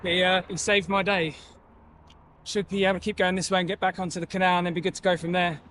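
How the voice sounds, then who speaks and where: A man's voice: high-pitched, level tone, fast, fairly bright tone. A man chatting to himself and his camera while cycling outdoors, sometimes out of breath, with a casual and cheerful way of talking. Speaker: cycling vlogger. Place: outdoors on a bike route. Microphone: camera mic. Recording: faint outdoor noise.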